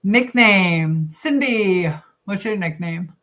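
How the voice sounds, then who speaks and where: A woman's voice: mid-range voice, slow, a bit bright. A middle-aged woman hosting a casual livestream, chatting with viewers and rambling as she eats and reads comments. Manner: chatty, rambling, thinks aloud while eating. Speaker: livestream host. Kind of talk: casual live chat reading comments. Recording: dull lo-fi stream audio.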